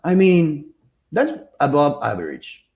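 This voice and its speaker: Animated man chatting on a muffled line. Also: fairly high pitch, a little slow. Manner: animated, rambling with restarts and laughter. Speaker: podcast co-host. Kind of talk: casual chat.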